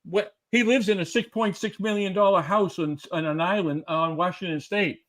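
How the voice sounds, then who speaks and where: A man's voice: high-pitched, moderate pace, fairly bright tone. A man being interviewed on a podcast, talking emphatically and firing off rhetorical questions. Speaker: guest. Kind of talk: animated interview talk.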